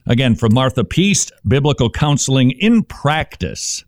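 Animated male preacher, dry close sound. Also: a little slow, no echo. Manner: animated, emphatic, shifts pace and pitch for effect; conversational, teaching with rhetorical questions. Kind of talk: sermon.

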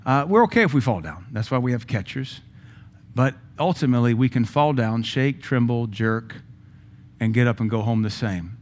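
Man preaching in a lively conversational way. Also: mid-range voice, moderate pace. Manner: conversational preaching with emphatic rises and self-deprecating asides. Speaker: pastor. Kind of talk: sermon. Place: church sanctuary.

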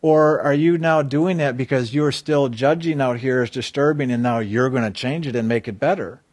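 A man's voice: medium pitch, normal speed, a little mellow, dry recording. A man giving an earnest inspirational talk on a spiritual theme, often asking his listeners questions. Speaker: spiritual speaker.

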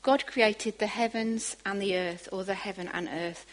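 Woman preacher, sermon, animated, emphatic bursts. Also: medium pitch, moderate pace, poor audio.

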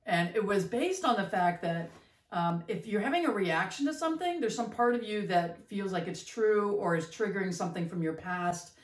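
A middle-aged woman co-hosts a podcast in a casual conversation, her mid-range voice moving at normal speed with lively intonation. She explains things in a reflective, teacherly way with hesitant fillers, and the recording sounds roomy and distant.

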